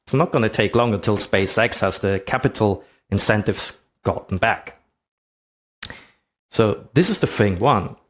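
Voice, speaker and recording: Man with a lively, swooping voice. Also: on the low side. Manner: rhetorical questions, conversational. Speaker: presenter. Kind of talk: explanatory talk with slides.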